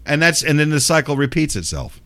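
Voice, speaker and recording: Older male host, cranky and foul-mouthed, voice swinging high and low. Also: big pitch swings, a little fast, a bit bright. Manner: cranky, sarcastic, swears constantly. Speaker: radio and podcast host. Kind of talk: profane ranting commentary.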